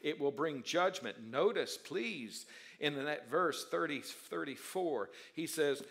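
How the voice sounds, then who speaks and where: A man preaching a sermon in a bright, somewhat high voice. He moves from hushed, conversational asides to loud, stretched-out declarations and slows key words for weight. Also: lively intonation, creaky. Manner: dramatic swings from soft asides to loud emphatic declarations. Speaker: pastor.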